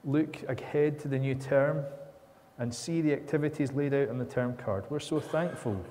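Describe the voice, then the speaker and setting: A man's voice: mid-range voice, normal speed, warm tone. A man leading a church service, praying earnestly in flowing, repeated phrases. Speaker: minister leading worship. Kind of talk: spoken prayer. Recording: reverberant church with faint ambience.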